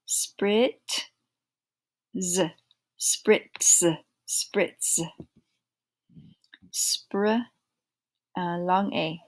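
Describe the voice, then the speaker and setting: Slow, deliberate phonics teacher woman. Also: mid-range voice. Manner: slow, deliberate, sounding out each blend and repeating words. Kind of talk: phonics lesson for young children.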